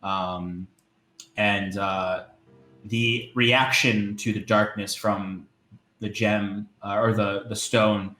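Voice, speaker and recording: A man narrating as game master of a tabletop game, describing scenes hesitantly with many filler pauses. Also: lowish voice, little pitch movement, pushed and bright, reverberant.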